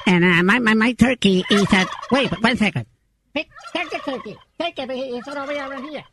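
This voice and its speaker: A man's voice: very high voice, fairly quick, over a noisy crowd, voice pushed down. A man voicing an old immigrant father with a thick Spanish accent in a prank phone call, laughing and repeating greetings. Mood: gruff.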